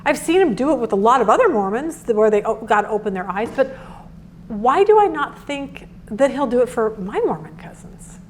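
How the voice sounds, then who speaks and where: A middle-aged woman teaching a Bible devotional, earnest and animated, who acts out quotes as she talks. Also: on the high side, normal speed.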